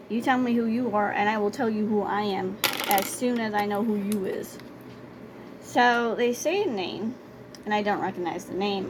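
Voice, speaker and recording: A woman's voice: mid-range voice, background noise. A young woman telling personal stories in a casual vlog, blunt and conversational, repeating words for emphasis. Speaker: storytime vlogger. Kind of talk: casual storytelling.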